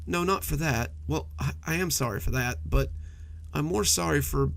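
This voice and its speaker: A man voicing a timid, frightened monster hiding under a bed, gravelly and pleading in a horror story. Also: fairly high pitch, normal speed, a bit bright. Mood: apologetic. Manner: blustering, whimpering, pleading.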